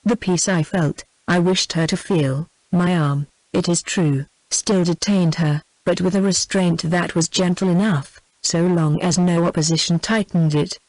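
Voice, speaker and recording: Tts british lady reading a novel, even and measured, dry sound. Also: fairly low pitch, no echo, poor audio. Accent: British English. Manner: even, measured synthetic delivery. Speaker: audiobook narrator. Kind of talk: text-to-speech novel reading.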